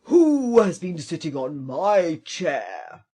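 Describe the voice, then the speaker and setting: A woman voicing a great big, cross father bear in a storybook reading, speaking slowly and booming. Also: sing-song, warm tone, slightly rough, full character voice.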